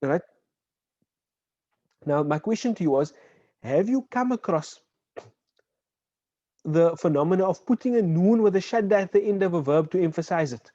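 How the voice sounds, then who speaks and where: A man teaching an online Arabic class. He explains patiently, checks in with "right?" and says example words slowly. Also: high-pitched, expressive, dark tone, dry recording. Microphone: video call. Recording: dull, dry online call audio.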